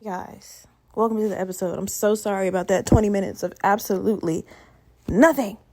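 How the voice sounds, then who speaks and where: A woman's voice: medium pitch, steady tone, fairly quick, a little mellow, dry recording. A young woman in her twenties from Virginia, hosting a podcast alone in a rambling, profane, chatty way. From Virginia, USA. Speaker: podcast host. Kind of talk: casual solo podcast rambling.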